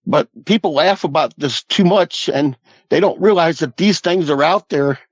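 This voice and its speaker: A man's voice: a little high, moderate pace, no room sound, highs cut off. A man, earnestly recounting a personal encounter as a guest in a folksy, repetitive storytelling manner. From Southwest Missouri Ozarks. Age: 50s. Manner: earnest, folksy, repeats "I said" and "he goes".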